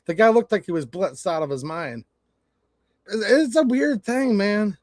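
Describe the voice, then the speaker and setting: A man's voice: high voice, expressive, unhurried, no echo, studio quality. A man from Michigan with a Michigan accent, hosting a casual livestream rant, blunt and swearing as he tells stories. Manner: blunt, swearing, storytelling with quoted exchanges. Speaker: channel host.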